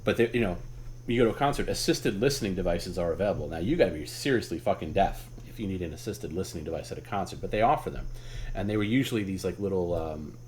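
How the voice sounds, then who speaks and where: A man's voice: sits low, animated, quick pace, a little mellow, slight background noise. A man hosting a live stream, telling a story casually, rambling and swearing as he goes. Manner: rambling, with many restarts and laughs. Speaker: host.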